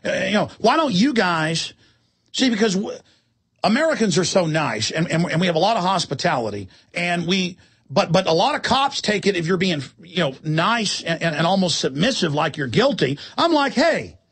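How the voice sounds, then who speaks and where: A man hosting a radio call-in show, ranting forcefully and acting out his own exchanges with police. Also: sits high, big pitch swings, normal speed, husky. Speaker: radio talk show host.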